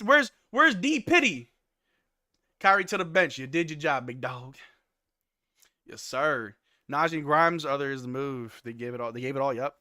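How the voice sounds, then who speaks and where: A man hosting a live watch-along stream, calling plays and reacting loudly with hype shouts on big moments. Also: a little high, dry recording, studio quality. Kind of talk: excited live game commentary.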